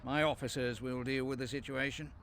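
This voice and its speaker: A man's voice: mid-range voice, level tone, fairly quick, noisy background, lightly acted. A man voicing a stern, formal police officer in a game. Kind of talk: game voice acting. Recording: game audio under loud music.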